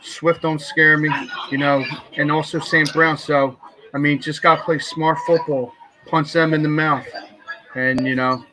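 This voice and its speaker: Bright, tense-voiced man talking tough. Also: a little high, level tone, measured pace, a little hiss or hum, poor audio. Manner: blunt, confident, trash-talking. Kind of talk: casual sports talk.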